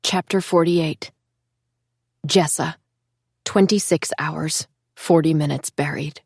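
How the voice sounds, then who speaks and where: A woman's voice: deep voice, steady tone, slow, a little mellow, husky, dry recording, clean studio sound. Woman narrating an emotional audiobook. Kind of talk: scripted first-person audiobook narration.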